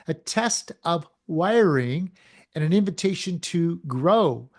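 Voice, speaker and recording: Energetic motivational podcast host, man. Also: on the high side, slow pace. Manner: energetic, asks the listener many questions. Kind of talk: motivational talk.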